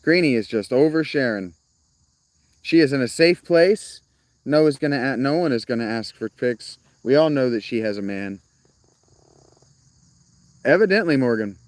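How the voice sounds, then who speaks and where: A man's voice: mid-range voice, animated, moderate pace, long pauses, no room sound. A man chatting casually to his live-stream viewers, rambling, restarting sentences and laughing often. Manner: rambling, self-interrupting, laughs a lot. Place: outdoors, rural, crickets.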